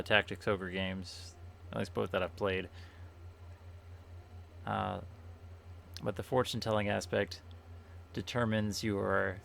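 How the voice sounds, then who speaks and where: Gravelly low-voiced man streaming a game. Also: a little hiss or hum. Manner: rambling, self-correcting, reads game text aloud. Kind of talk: casual let's-play commentary. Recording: faint game music behind.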